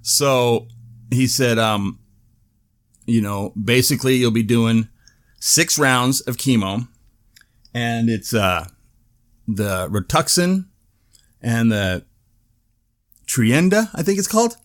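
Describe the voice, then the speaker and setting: Male vlog host, mid-pitched, very lively intonation, loose cursing storyteller. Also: slow pace, long pauses. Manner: animated storytelling, swears freely, laughs often. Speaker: show host. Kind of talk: casual video update monologue.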